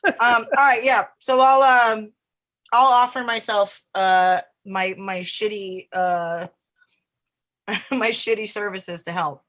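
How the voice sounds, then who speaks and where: A woman's voice: mid-range voice, slow, fairly bright tone. A woman playing a tabletop game, joking and laughing often in casual banter. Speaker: player.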